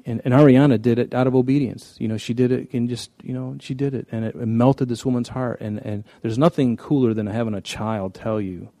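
A man's voice: medium pitch, steady tone, brisk, hardly any pauses, dark tone, no echo. A man preaching a conversational sermon, telling stories in a folksy way with frequent restarts. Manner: folksy, storytelling, many restarts. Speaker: pastor.

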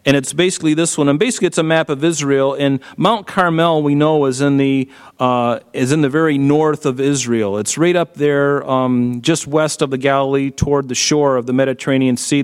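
A man's voice: mid-range voice, clear, resonant tone, big-room sound. Conversational man preaching a sermon. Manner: conversational, animated preaching with rhetorical questions. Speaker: pastor.

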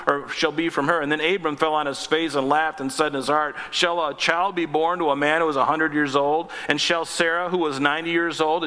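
A man's voice: on the high side, bright, forceful tone. A man preaching a sermon, reading scripture aloud and breaking in with his own asides. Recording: long reverb of a hall.

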